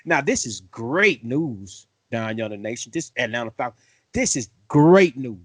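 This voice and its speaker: A man hosting a sports fan show, excitable and playful, full of slang. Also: medium pitch, a little slow, no echo. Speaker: host. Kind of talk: fan sports podcast talk.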